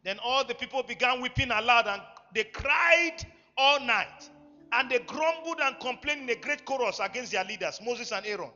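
A man preaching a sermon, emphatic, swinging between loud bursts and quiet asides. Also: very high-pitched, moderate pace. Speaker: pastor. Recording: echoey hall, dull lo-fi sound, faint music.

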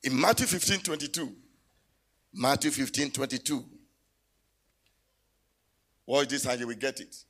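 A man preaching a sermon in a church, telling stories and rising to loud exclamations. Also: mid-range voice, unhurried, long pauses.

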